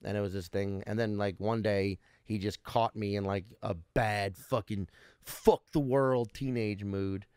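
Low-voiced profane comedian telling stories. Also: male voice, steady tone, a little slow, a little mellow, smooth, dry recording, clean studio sound. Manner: heavy swearing, rambling storyteller. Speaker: comedian guest. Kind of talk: casual interview chat.

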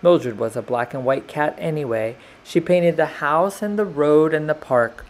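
A man reading a children's picture book aloud, slowing down and lifting his voice for the characters' lines. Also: on the high side. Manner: slow, lively character voices in dialogue. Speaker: storyteller.

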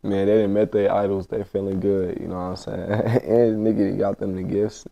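A man's voice: fairly low pitch, little pitch movement, normal speed, creaky, muffled recording, a little hiss or hum. A man hosting a reaction video, talking in laid-back slang and repeating his phrases. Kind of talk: casual reaction commentary.

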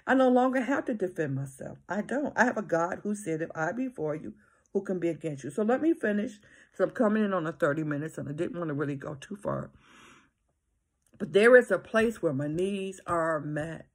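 Husky-voiced woman minister preaching emphatically. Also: on the low side, expressive, normal speed. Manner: emphatic, repeats phrases, often asks "right?". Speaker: minister and counselor. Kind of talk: preaching-style teaching talk.

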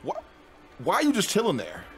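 Young male streamer, very animated pitch, slangy and easily spooked, game music under him. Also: fairly quick. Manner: jumpy, exclaims and laughs at scares, slangy. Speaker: gaming streamer. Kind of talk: casual let's-play commentary. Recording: game music playing behind.

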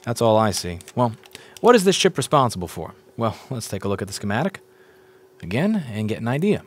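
A man's voice: lowish voice, very animated, fairly quick. A man teaching board repair in a casual walkthrough, explaining step by step, repeating points and asking viewers questions as he goes.

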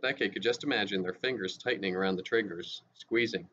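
A male teacher reading a novel aloud in a steady, even way, with small restarts. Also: fairly low pitch, fast talker. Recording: dull lo-fi with faint hiss.

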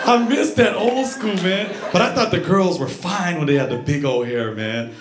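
A man's voice: high voice, normal speed, background noise. A middle-aged man doing a chatty stand-up comedy set, riffing and teasing the crowd on a club stage. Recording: echoey club with audience. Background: crowd laughter.

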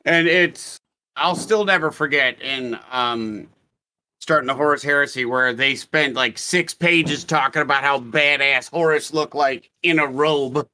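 A man with a fairly high, bright and forceful voice chats casually as a podcast co-host. He rambles, swears freely and cuts himself off mid-thought. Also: a little slow. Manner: rambling, profane, self-interrupting. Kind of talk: casual book discussion.

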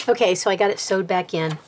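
A woman's voice: mid-range voice, a little hiss or hum. A woman casually talking through a bookbinding craft project as she works, chatty and self-deprecating, a little out of breath. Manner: chatty and self-deprecating, talking while working with her hands. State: slightly out of breath. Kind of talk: casual craft tutorial chat.

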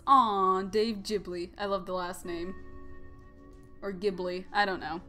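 A woman's voice: medium pitch, a little slow, fairly bright tone, soft background music. A young woman hosting a let's play, rambling and joking as she comments on a game. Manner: giggly, joking, rambling asides. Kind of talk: casual gameplay commentary.

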